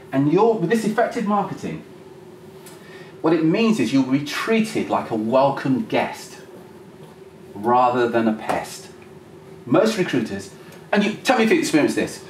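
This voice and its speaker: Animated man presenting a seminar. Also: on the high side. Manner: animated, acts out phone calls. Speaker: workshop presenter. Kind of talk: live seminar talk. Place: seminar room. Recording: roomy, distant mic, faint noise.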